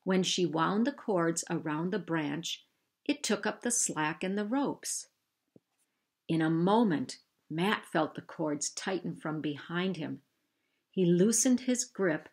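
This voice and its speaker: Slow, low-voiced woman reading a story aloud. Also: animated, gravelly. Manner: slow, measured storytelling with raised voices for dialogue. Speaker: reader. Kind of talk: reading a children's novel aloud.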